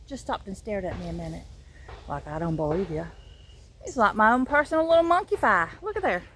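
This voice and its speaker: Southern woman, backyard phone vlog, bright and bouncy, chatty and joking, hens faintly behind. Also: medium pitch, a little fast, a little hiss or hum. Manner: animated, joking, chatty, swings from muttering to loud exclamations. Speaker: vlogger giving a garden tour. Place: outdoor backyard garden with chickens.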